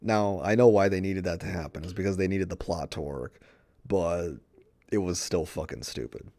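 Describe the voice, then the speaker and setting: A man's voice: sits low, normal speed, dark tone. A man casually reviewing a movie in a rambling, profane way, retelling scenes with quoted dialogue.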